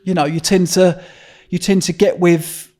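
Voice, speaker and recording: A man's voice: high voice, little pitch movement, a little slow, mellow. Blunt Essex man telling prison stories. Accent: Essex English. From Essex, England. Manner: blunt, swears freely, rambling with restarts. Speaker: guest. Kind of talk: casual interview storytelling.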